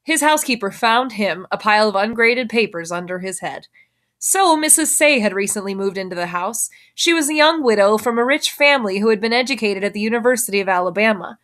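A teacher with a mid-range voice reads a children's novel aloud fairly quickly. Her storytelling is expressive, and she lifts her voice for the characters.

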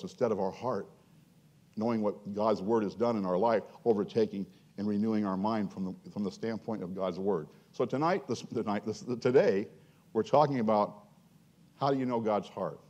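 A male pastor preaching a sermon in an earnest, animated way, often repeating himself and building to emphatic points. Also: on the low side.

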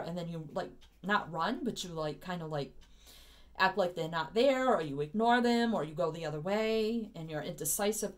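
A woman's voice: fairly low pitch, expressive, moderate pace. A woman doing a casual tarot reading, chatty and loose, full of fillers and easy laughs. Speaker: tarot reader.

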